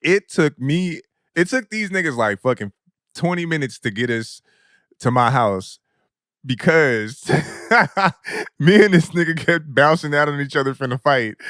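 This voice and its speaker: A young man hosts a podcast and tells comedic stories in a slangy, profane, animated way. He laughs constantly, and his voice sits a bit high. The recording is close and dry, with no room sound. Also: slow, dry recording. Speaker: podcast host. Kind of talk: comedic storytelling.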